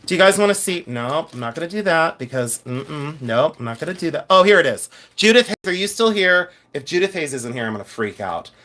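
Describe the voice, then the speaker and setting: A man from Ohio selling jewelry on a livestream, chatting casually in an excitable, rambling way and talking to his viewers. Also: fairly high pitch, fairly quick, hardly any pauses. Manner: rambling, excitable, talks to the chat. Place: his office.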